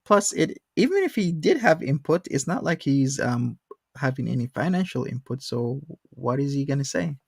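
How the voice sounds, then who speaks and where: A man's voice: mid-range voice, very animated, normal speed, vocal fry, husky, dry recording, clean studio sound. A man hosting a casual commentary stream, explaining his views steadily.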